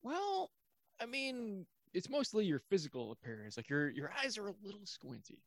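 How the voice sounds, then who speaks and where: A young man teases his co-host with mock concern in casual podcast banter. His voice is high and very animated. It sounds dry and close. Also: normal speed, creaky, dry recording.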